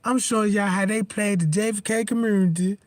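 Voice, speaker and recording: Speaking a little fast in a high-pitched voice with no room sound, a man runs a casual livestream. He rambles, curses, and gets worked up and animated, over and over asking listeners if they know what he's talking about.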